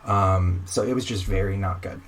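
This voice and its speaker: A man's voice: low-pitched, moderate pace. A young man, a podcast guest, telling a long story casually and acting out the other people in it. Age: young adult. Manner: animated, acts out dialogue in quotes.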